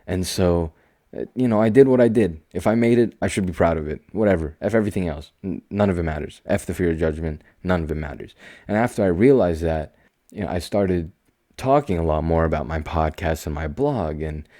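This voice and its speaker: A young man hosting his own podcast in a casual solo monologue, talking slowly and calmly in a soothing, self-assured way, with quiet asides and sudden emphatic bursts. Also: sits low, no room sound, clean studio sound. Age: young adult. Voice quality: slow, calm and soothing delivery. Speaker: podcast host.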